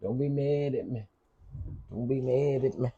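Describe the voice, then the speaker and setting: A man's voice: medium pitch, a little slow, creaky, mellow, breathy edge, muffled recording. A man hosting a cooking channel, chatting casually with his livestream viewers, greeting them by name and repeating himself often.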